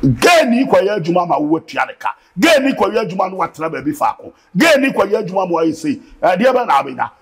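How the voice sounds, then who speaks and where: A man with a Ghanaian accent, a guest preacher in an interview, talking in an animated, preachy way that bursts into shouting. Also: high voice, fast, hardly any pauses, breathy edge. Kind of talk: impassioned interview talk mixing Twi and English.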